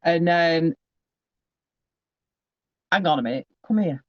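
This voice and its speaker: Guy doing a psychic reading on a video call, high voice, rambly, keeps saying hang on, dull dry sound. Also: slow, dry recording. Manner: chatty, rambling, keeps breaking off with asides. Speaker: psychic medium giving a reading. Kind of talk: casual one-to-one reading.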